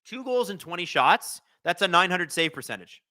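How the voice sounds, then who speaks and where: He hosts a live watch-along stream at a moderate pace, his voice sitting high. Between commenting on the game, he jokes and reads out messages from viewers' chat in an excitable manner.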